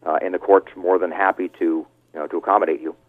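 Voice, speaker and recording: A man's voice: low voice, little pitch movement, quick pace, dry recording. A middle-aged man speaking as a guest on a radio show, talking with passion and indignation, with many fillers and restarts. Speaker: call-in guest, father of a fallen Marine. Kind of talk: heated phone interview. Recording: tinny phone line.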